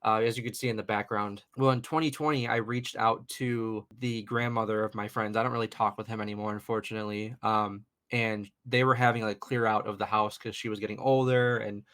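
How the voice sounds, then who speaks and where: A man's voice: lowish voice, steady tone, fairly quick, hardly any pauses, a bit bright. Chatty young man telling a ghost story. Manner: chatty, rambling, lots of fillers and "you know". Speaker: guest paranormal investigator. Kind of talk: casual storytelling in a podcast interview.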